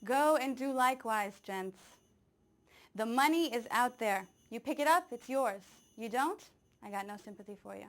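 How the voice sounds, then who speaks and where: A woman's voice: a little high, animated, moderate pace, fairly bright tone. A woman performing the monologue of a harsh, profane male sales boss. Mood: scornful. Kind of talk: audition monologue.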